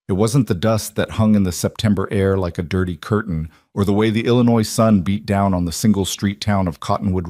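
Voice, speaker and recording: Low-voiced male story narrator. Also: dry recording, studio quality. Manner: steady, measured storytelling. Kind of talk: scripted audiobook narration.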